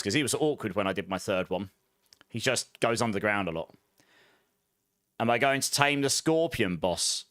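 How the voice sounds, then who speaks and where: A man's voice: lowish voice, animated, normal speed, long pauses, fairly bright tone. A man giving casual, chatty gameplay commentary as a streamer, laughing often and humming little filler tunes. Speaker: game streamer.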